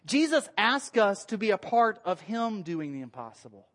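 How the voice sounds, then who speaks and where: A man, a pastor giving a relaxed, conversational sermon in church, cracking jokes. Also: sits high, normal speed. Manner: conversational, joking, acts out quoted voices. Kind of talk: casual sermon with slides.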